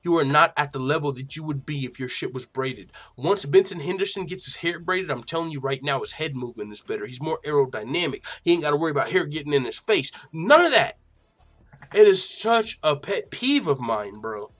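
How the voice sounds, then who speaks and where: A man's voice: a little high, expressive, fairly quick, a bit bright. A slightly tipsy man hosting a live fight reaction stream, rambling and swearing in casual, boastful talk. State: a little tipsy. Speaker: livestream host reacting to fights.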